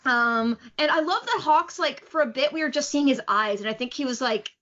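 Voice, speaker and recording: A woman's voice: high-pitched, animated, brisk, a bit bright. A woman co-hosting a podcast, rambling eagerly in casual fan discussion. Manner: enthusiastic, rambling with many fillers. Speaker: podcast co-host. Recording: dull lo-fi audio.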